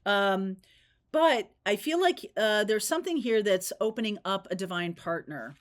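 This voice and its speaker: A woman's voice: medium pitch, expressive, moderate pace, slight background noise. A woman giving a spontaneous tarot reading, talking in a chatty, rambling way and often checking in with "okay?" and "right?". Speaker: tarot reader.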